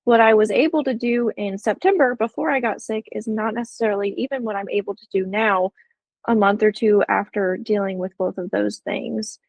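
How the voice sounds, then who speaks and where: Gravelly-voiced woman co-host. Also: medium pitch, fairly even intonation, normal speed, dry recording. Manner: conversational, questioning. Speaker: podcast co-host. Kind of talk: casual chat, asking questions.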